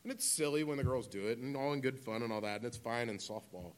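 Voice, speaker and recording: Man, pastor, thirties, conversational sermon, joking asides, medium pitch. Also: fast. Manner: conversational preaching with asides and humor.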